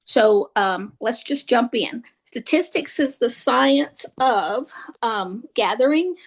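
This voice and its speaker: A woman's voice: on the high side, lively intonation, slow, low-quality recording. Woman lecturing with many fillers. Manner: hesitant, many fillers and restarts. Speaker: statistics instructor. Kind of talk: recorded lecture.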